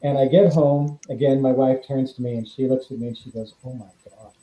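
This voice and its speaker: A middle-aged man spins stunt stories in a deep, very mellow voice, voicing the people in them as he goes. The sound is roomy, with echo off the walls. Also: a little fast. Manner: animated anecdote-telling, acts out quoted dialogue. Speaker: guest, former stuntman. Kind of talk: storytelling in a podcast interview.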